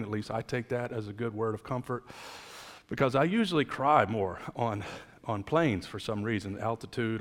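A man's voice: mid-range voice, big-room sound. A man preaching a sermon, moving between casual storytelling with jokes and emphatic preaching. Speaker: pastor.

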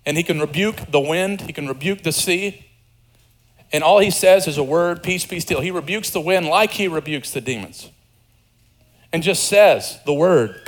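Animated male preacher, higher voice. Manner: animated preacher acting out voices, conversational asides. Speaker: pastor. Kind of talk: sermon.

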